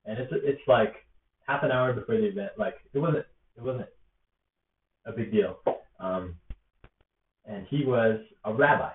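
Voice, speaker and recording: A young man who organizes rallies reflects casually to camera, telling a rambling, earnest story loaded with fillers. His voice is mid-range and measured, with long pauses. It was captured on a laptop or tablet's built-in mic, so the audio is tinny, distant, and echoey.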